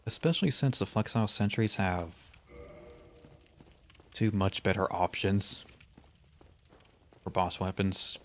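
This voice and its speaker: A man's voice: fairly low pitch, measured pace, long pauses. A male streamer giving casual, rambling commentary while playing a game, with dry, wry humor. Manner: rambling asides.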